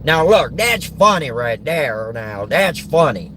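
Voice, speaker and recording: Casting: a man putting on a folksy, drawling comic, middle-aged, pitched a bit higher than his own voice. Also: big pitch swings, takes it slowly, pushed and bright, a little hiss or hum, heavily acted.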